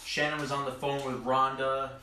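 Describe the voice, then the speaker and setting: A man's voice: mid-range voice, little pitch movement, moderate pace, bright, forceful tone. Young man telling a story from far off. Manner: storytelling with lists and fillers. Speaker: guest. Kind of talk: casual chat. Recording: roomy, distant mic with clear background noise.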